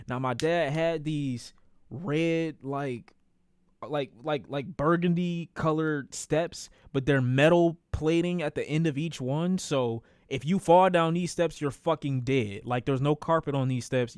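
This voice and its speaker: A young man with a somewhat high voice tells a storytime on his stream, cursing and circling back over his own lines. The sound is dry and close, with no room around it. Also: clean tone, dry recording. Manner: animated, profane, repeats phrases for emphasis. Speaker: streamer telling a personal story. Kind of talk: casual storytelling.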